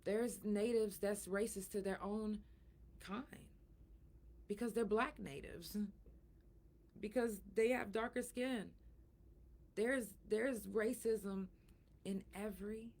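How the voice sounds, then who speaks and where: A middle-aged woman hosting her own podcast, talking frankly and emphatically, sore and breathy at times from a recent surgery. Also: mid-range voice, slow, long pauses, a little mellow. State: in pain after surgery, soft and breathy at times. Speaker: podcast host. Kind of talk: casual solo talk.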